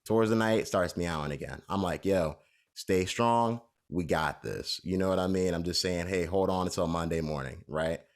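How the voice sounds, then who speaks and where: A man's voice: sits low, brisk, hardly any pauses. A man co-hosting a podcast, telling a long story in a casual, rambling way with lots of fillers. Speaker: podcast co-host.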